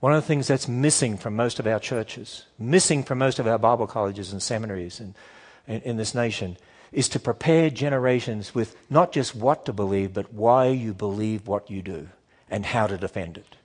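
Animated male preacher firing rhetorical questions. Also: fairly low pitch, normal speed. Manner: acts out quoted objections in shifting voices; emphatic, repetitive build-ups. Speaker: Christian speaker addressing a church audience. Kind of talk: sermon-style presentation.

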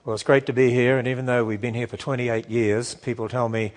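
A man's voice: medium pitch, a little fast, a little hiss or hum. A man in his sixties with an Australian accent, giving a lecture as guest speaker and telling stories with asides to the audience. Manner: lively storytelling with audience asides.

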